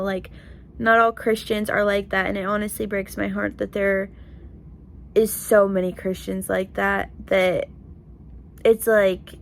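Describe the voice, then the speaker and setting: A woman's voice: mid-range voice, vocal fry, slight background noise. Earnest young woman sharing her heart. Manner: earnest, emotional, lots of "like" and "you know". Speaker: vlogger. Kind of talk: heartfelt casual vlog talk.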